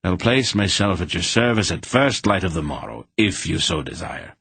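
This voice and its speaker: A man's voice: deep voice, animated, normal speed, gravelly, slightly rough, no echo, full character voice. A man doing a stubborn, pious old-style farmer. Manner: firm, quiet, courteous.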